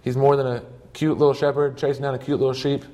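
A man's voice: mid-range voice, flat delivery, fast, mellow. A man preaching a sermon, telling stories earnestly in short emphatic phrases.

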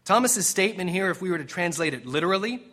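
Bright-voiced male pastor preaching a sermon. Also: high voice. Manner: animated, emphatic, with dramatic quoted lines and pauses; jokes with the congregation.

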